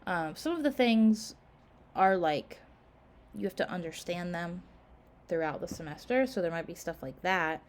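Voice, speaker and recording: Woman instructor, slightly low voice, casual, filler-heavy, tired and yawning. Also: expressive, moderate pace, a little hiss or hum. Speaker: college instructor. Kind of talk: recorded class announcements.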